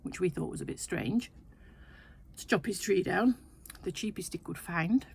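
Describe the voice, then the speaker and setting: In her sewing shed, an older sewing vlogger casually chats through a meandering anecdote full of asides. She speaks at a moderate pace in a lowish, creaky, husky voice.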